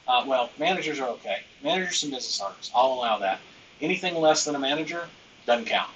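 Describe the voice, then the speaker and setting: A man's voice: medium pitch, fairly bright tone, far from the mic, a little hiss or hum, poor audio. A man hosting a business training live stream, talking loosely and emphatically, with lots of fillers and the odd bit of slang.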